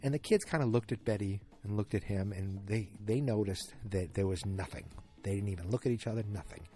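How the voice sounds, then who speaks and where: A man hosting a solo podcast, retelling a TV episode in a rambling, animated way and acting out the characters' lines. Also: lowish voice, brisk. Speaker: podcast host. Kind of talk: casual solo recap.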